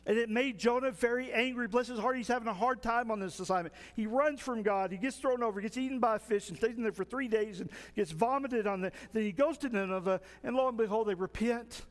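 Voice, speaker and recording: A male pastor preaching a folksy, animated sermon. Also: very high-pitched, fast, hardly any pauses, long reverb tail.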